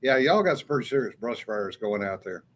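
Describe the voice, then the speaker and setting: A man's voice: on the low side, animated, brisk. Man telling a story casually. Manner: storytelling, drawling, laughs often. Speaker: co-host. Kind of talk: casual chat, reading live comments.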